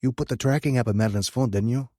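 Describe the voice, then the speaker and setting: A man voicing a gruff adult male biker who talks in a blunt, growling, threatening way in an audiobook. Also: medium pitch, fast talker, mellow, no room sound, clean studio sound, voice pushed up, close to an everyday voice. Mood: urgent.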